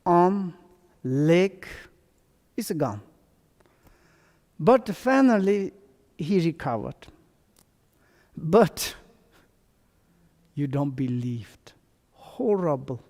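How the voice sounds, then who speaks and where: Man, Tibetan first language, Buddhist teacher, broken halting English, unhurried, long hall reverb. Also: on the high side, expressive, a little mellow. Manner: broken non-native English, halting restarts. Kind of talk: dharma teaching.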